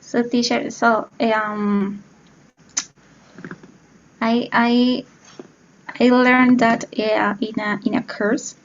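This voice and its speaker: A woman's voice: medium pitch, muffled recording, slight background noise. A woman student explaining a grammar point in an online class, hesitant and searching for words.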